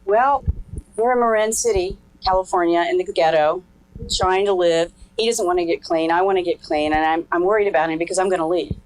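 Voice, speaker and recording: A woman's voice: lowish voice, fairly quick, a little hiss or hum, low-quality recording. Frank middle-aged woman telling her story. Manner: frank, earthy, laughs while telling. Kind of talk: candid personal testimony.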